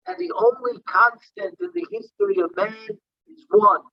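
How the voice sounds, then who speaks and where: A man's voice: high-pitched, bright, forceful tone, dry recording, lo-fi sound. A man teaching a daily Talmud class, reading Aramaic text in a singsong and explaining it in English. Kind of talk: Talmud lesson, reading and translating.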